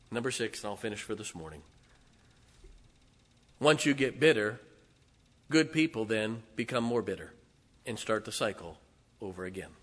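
A man preaching a sermon in a church, emphatic, swinging between loud outbursts and hushed asides. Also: fairly high pitch, big-room sound.

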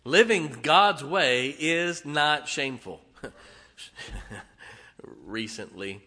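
An older man preaching a sermon in a church, swinging from booming declarations to quiet wry asides. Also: animated, very slow. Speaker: pastor. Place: church sanctuary. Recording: long hall reverb.

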